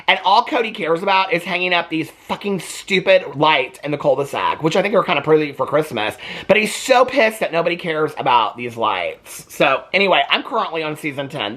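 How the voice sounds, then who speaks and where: A man's voice: high-pitched, expressive, a little fast, pushed and bright. A man chatting casually about a TV show he is watching, swearing freely and laughing often. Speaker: reaction channel host. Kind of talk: casual TV reaction commentary.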